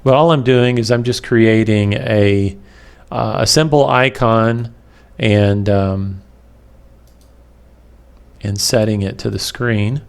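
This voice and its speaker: A man gives a web development lecture over a screen capture while hiccuping, speaking slowly and haltingly with plenty of fillers and pauses. His voice is fairly low, smooth, and creaky.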